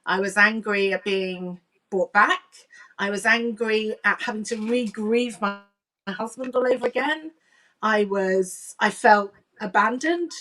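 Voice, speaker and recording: A woman, a medium and coach, telling a deeply personal story in an earnest, emotional way and acting out remembered dialogue. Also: measured pace, pushed and bright, far from the mic.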